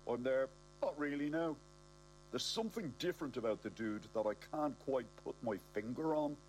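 A man's voice: medium pitch, lively intonation, fairly quick, a little mellow, slight background noise, rough recording. A man with a South Dublin accent narrating a comic audiobook, cocky and self-mocking.

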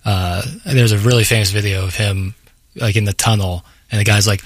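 Male co-host on sports radio, lowish voice, wry anecdotes, dry sound. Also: fairly even intonation, a little fast, no room sound. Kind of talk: casual sports radio banter.

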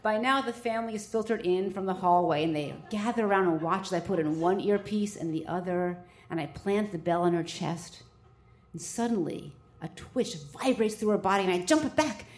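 Woman, doctor, live storytelling, mid-pitched voice, animated and self-mocking. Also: normal speed. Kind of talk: first-person storytelling to a live audience.

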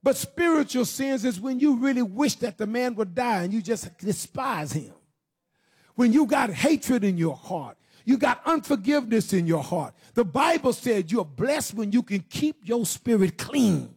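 A man preaching a sermon, questioning his listeners directly and swinging from low, slow passages into shouted, sing-song preaching. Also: animated, breathy edge. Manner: addresses the congregation with direct questions.

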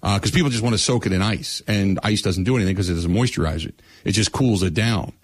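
A man's voice: on the low side, quick pace, slightly rough, no echo. A man hosting a casual chat, giving earnest, emphatic advice. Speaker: host.

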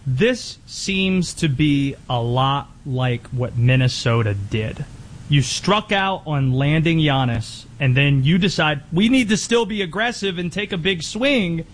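A man hosting a sports talk radio show, teasing his co-host and setting up questions in a measured way. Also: fairly high pitch, lively intonation, slight background noise.

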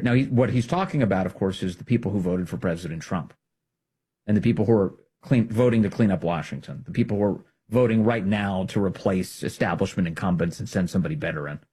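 Man, political commentator, husky tone, very animated pitch, emphatic and combative. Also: fairly quick. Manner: emphatic, combative, swings between loud and hushed.

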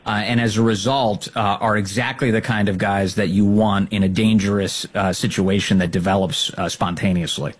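Radio host guy, low husky voice, quick questions. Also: steady tone. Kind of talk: interviewing a guest on radio.

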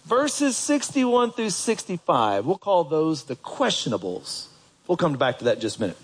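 Male pastor, sermon, chatty, asks the congregation questions, pitch leaps for emphasis, fairly high voice. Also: moderate pace, husky. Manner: animated, jumps up in pitch for emphasis.

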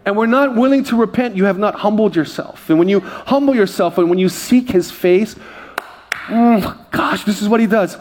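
A man's voice: sits high, moderate pace, a little mellow, slight background noise. A male pastor from Hawaii preaching a sermon, telling self-deprecating stories to his congregation. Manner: self-deprecating, jokey storyteller. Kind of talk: sermon with humorous personal stories.

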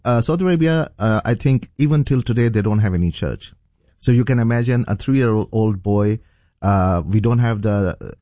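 A man's voice: on the low side, dark tone, no echo, studio quality. A middle-aged man from Pakistan, a pastor, earnestly telling his testimony in an interview, with many fillers and restarts. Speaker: pastor, guest.

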